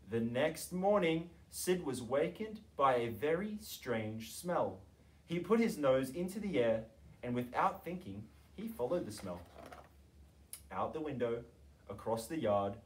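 A male teacher reading a children's picture book aloud with animated, expressive storytelling. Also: medium pitch, a little slow, distant mic.

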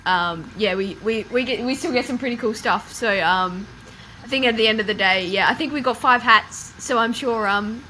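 A woman's voice: a little high, normal speed, bright, forceful tone, slight background noise, low-quality recording. A woman, a Paralympic cyclist, chatting in an interview, hesitant with fillers and light laughs. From Australia. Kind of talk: casual interview chat.

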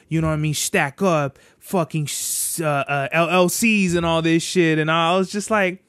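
A man's voice: fairly high pitch, fairly even intonation, moderate pace, hardly any pauses, fairly bright tone, smooth, no echo, clean studio sound. A man hosting a podcast in a casual, rambling monologue, full of slang and swearing. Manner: profane, slangy, rambling storyteller. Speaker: podcast host.

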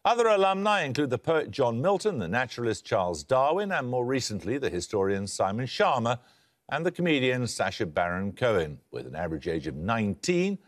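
A man hosting a televised quiz show, reading questions and introductions in a crisp, precise manner with dry wit. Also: mid-range voice, big pitch swings, brisk. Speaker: quizmaster.

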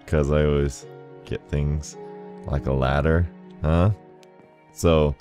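This gaming host has a mellow bass voice and speaks slowly in a steady tone. He rambles casually and laughs often while playing, with faint game music underneath his commentary.

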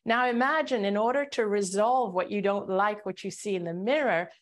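A woman calmly explaining a point on a webinar, walking the listener through an imagined scene. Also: medium pitch, normal speed. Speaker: guest speaker. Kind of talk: webinar talk.

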